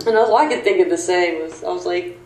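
A woman telling a funny personal anecdote in an animated, playful way, with a roomy recording sound. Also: a little fast. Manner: animated, playful, jumps high for quoted voices. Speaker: storyteller.

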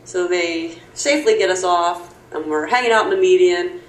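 Animated woman telling a comic story. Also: moderate pace, roomy sound, low-quality recording. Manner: animated, playful, jumps high for quoted voices. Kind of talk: comic personal anecdote.

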